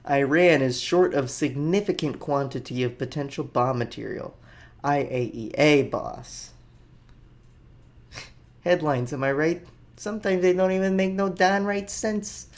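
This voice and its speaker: A man's voice: fairly high pitch, fairly even intonation, measured pace, pauses often. A man hosting a podcast who reads news headlines and riffs on them with jokey, rambling asides. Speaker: podcast host. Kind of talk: casual comedic news commentary.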